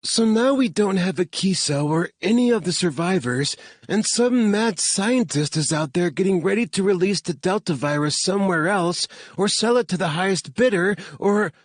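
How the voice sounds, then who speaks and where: A man's voice: fairly high pitch, expressive, takes it slowly, husky, dry recording, clean studio sound, voice pushed up, heavily acted. Man voicing Claire, a panicky young woman. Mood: panicked. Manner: breathless, pleading, rising to panic. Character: frightened young woman scientist in shock, panicky.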